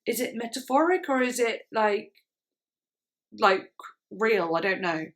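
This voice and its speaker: A woman's voice: mid-range voice, expressive, unhurried, a bit bright. A woman giving casual reaction commentary on songs, gushing and enthusiastic as she talks. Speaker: music reaction vlogger.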